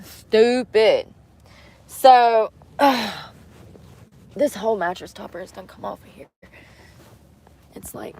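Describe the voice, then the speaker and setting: A young woman, chatting casually to camera from inside a vehicle, often dropping to soft mutters. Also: medium pitch. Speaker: vlogger. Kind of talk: casual vlog talk to camera. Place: inside a vehicle bed at night.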